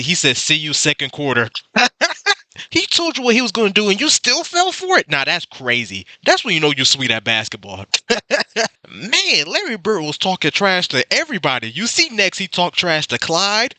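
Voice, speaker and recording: A man's voice: fairly high pitch, bright, forceful tone, dry recording. A man hosting a reaction video, chatting casually and laughing often at the clips.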